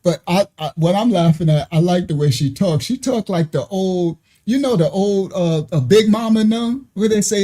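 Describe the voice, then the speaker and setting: A man's voice: high voice, expressive, normal speed, dark tone. A man with a New York accent hosting a casual reaction video, teasing and laughing often as he comments. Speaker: host reacting to video clips.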